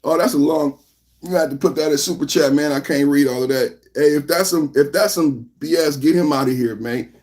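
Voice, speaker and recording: Animated man hosting a live podcast. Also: a little high, a little fast. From San Francisco. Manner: loud and animated, reading chat aloud. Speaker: podcast host. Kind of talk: live-stream political commentary.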